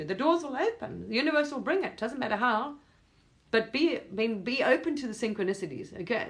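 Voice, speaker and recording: A woman's voice: on the high side, a bit bright. A woman, talking to her viewers in a rambling, emphatic monologue, swearing casually now and then. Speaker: spiritual vlogger.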